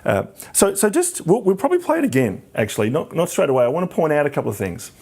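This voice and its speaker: A man's voice: a little high, huge pitch swings, fast talker, a little mellow, breathy edge. An Australian man hosting a podcast, explaining things with enthusiasm in casual talk. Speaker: podcast host.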